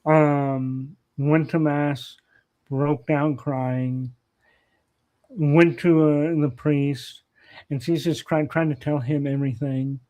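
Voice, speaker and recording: A man with a somewhat high voice, talking slowly as a podcast guest. He tells family anecdotes in an easygoing, meandering way and stops often to restart his sentences with fillers. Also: steady tone, dark tone. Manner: rambling, many fillers and restarts. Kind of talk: casual anecdotal storytelling.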